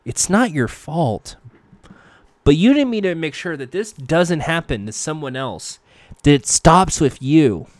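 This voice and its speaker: Man voicing a scheming doctor villain, soft, coaxing, dry sound. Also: a little high, big pitch swings, a little slow, no echo. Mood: smooth, coaxing. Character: manipulative soft-spoken male doctor villain.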